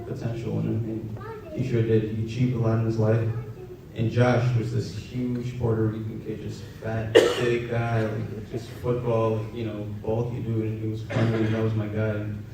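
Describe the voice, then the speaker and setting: A young man telling a personal story in a halting, soft-spoken way, with many fillers. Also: gravelly. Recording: roomy, distant, dull with faint rumble.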